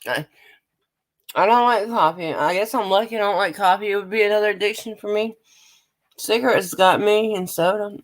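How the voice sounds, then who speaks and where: A woman's voice: medium pitch, moderate pace. An American woman chatting casually on a live stream, swearing freely and talking straight to her viewers. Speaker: vlogger.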